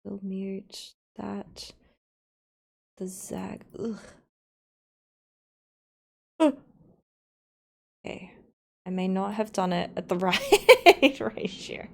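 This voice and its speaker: Here a woman streamer edits a video while chatting easily with viewers, narrating as she goes with playful side remarks. Her voice is mid-range and gravelly, and she talks slowly, pausing often.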